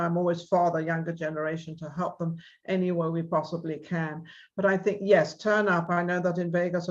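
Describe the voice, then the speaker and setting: Rambling enthusiastic woman host, dull audio. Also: fairly low pitch. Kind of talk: casual interview chat.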